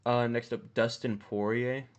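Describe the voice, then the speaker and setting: A man hosting MMA commentary for an online audience rambles loosely through rankings, swearing freely. His level, middle-pitched voice moves a little slowly and jumps sharply when he stresses a point, and the recording's highs are cut off.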